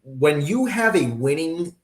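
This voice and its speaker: A male sports writer talking as a guest on a sports talk show, animated and opinionated, with many fillers. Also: on the high side, a little slow, roomy sound. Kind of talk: sports talk radio discussion.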